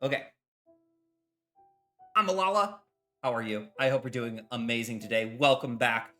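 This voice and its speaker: A man streaming live while he bakes in a home kitchen, rambling and joking loudly with his viewers, his microphone set some way from his face. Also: mid-range voice, moderate pace, faint music behind. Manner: loud, rambling, jokey, chatting with viewers. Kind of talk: casual chat while baking. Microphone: microphone set far from his face.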